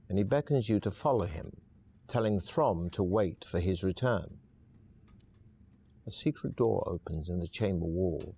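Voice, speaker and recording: Deep-voiced male game narrator. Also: mellow, husky. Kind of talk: scripted second-person narration.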